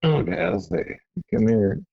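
A man guesting on a podcast, chatting casually in a quiet, low-key way. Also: sing-song, unhurried, creaky, slightly rough, no room sound. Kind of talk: casual chat. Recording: dull lo-fi sound.

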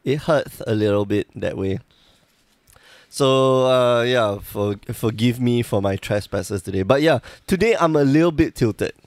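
A man hosts a casual podcast, joking, rambling and poking fun at himself, with a slight lisp caused by a sore tongue. His medium-pitched voice is a little slow and a little mellow, with no echo.

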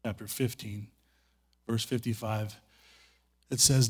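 A man's voice: mid-range voice, a little slow, a little mellow, breathy edge. A middle-aged man preaching in a church, telling stories in a conversational way and pleading earnestly with the congregation. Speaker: pastor. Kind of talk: sermon. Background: guitar playing.

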